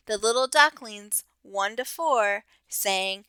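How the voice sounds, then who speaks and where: Teacher lady reading a kids book, slow, clear voice, dry sound. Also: on the high side, no echo. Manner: slow, expressive reading to children. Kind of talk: children's storybook read-aloud.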